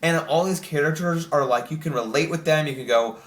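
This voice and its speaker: A young man chatting casually to camera as host, excited and rambling with lots of filler words. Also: fairly high pitch, brisk. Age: young adult. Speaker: channel host ranking TV shows. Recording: roomy echo.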